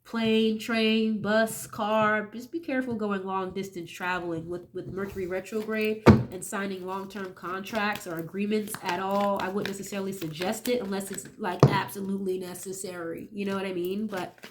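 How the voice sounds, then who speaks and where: In a steady, medium-pitched voice and at a moderate pace, this tarot reader chats her way through a relaxed reading, sniffling from a fading cold. The clip is very noisy; she repeatedly asks "okay?" and drops casual swear words.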